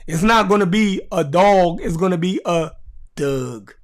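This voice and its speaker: A Baltimore podcast host with a high-sitting voice talks at normal speed to his live chat. He's casual and blunt, cursing and repeating himself for emphasis, with a Baltimore, USA accent.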